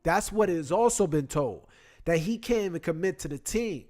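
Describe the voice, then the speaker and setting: A man with a fairly high voice hosts a casual sports chat. He tells the story in an animated, slangy way, talking into his computer mic. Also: normal speed.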